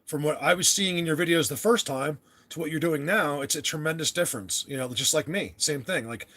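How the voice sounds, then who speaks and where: A man's voice: a little high, fairly quick, pushed and bright. A young American man hosting a casual livestream chat, rambling and restarting his sentences as he talks to viewers. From United States. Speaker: livestream host.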